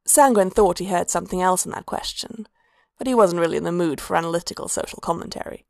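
A woman narrating a story aloud in a steady, low-key reading. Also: fast, gravelly, dry recording, studio quality. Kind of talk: storybook fan-fiction reading.

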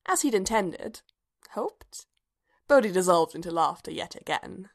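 A woman's voice: on the low side, expressive, measured pace. Woman narrating a story evenly. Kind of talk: audiobook narration.

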